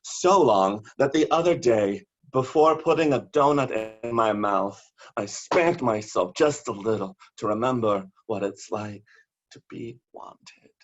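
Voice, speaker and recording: A man performing bawdy comic poetry over a video call, theatrical and given to shouted punchlines. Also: on the low side, expressive, measured pace, highs cut off. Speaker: poet.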